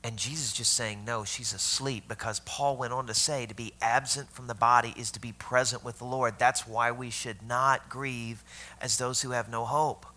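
Delivering a sermon at a moderate pace, this pastor speaks at medium pitch with a steady yet sharp tone. He tells the story in a conversational way, poses questions to the congregation, and lowers his voice to a whisper when things turn tender.

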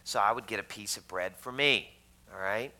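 Bright-voiced man preaching conversationally. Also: lowish voice, moderate pace, poor audio. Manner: conversational, jokey asides to the congregation. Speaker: pastor. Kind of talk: sermon.

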